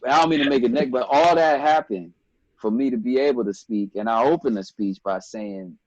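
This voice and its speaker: A man in his forties from Ethiopia, a guest telling stories in a relaxed interview, animated and quick to quote others. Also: medium pitch, dry recording, muffled recording. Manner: animated storyteller, breaks into quoted voices and laughs. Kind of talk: casual storytelling interview.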